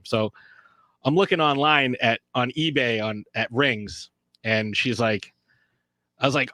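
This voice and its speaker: Animated bright-voiced man telling a story. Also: moderate pace, long pauses, no echo. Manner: animated storyteller, acts out quotes in high voices. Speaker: podcast guest. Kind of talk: casual storytelling.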